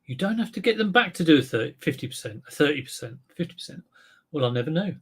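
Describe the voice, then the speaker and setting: A man's voice: on the high side, animated, fast talker, a bit bright, husky. A man hosting a casual live stream, chatting to viewers and thinking aloud, with frequent fillers and self-mocking asides. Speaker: eBay reseller livestream host.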